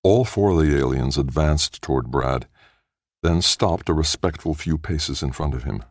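Guy narrating an audiobook, super deep voice, dry sound, steady reading. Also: moderate pace, no echo. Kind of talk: scripted narration.

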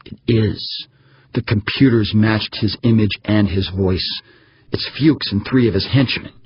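A man's voice: fairly low pitch, unhurried, breathy edge, muffled recording. A man voicing an angry, stern woman who talks in clipped, snapping lines. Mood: disgusted.

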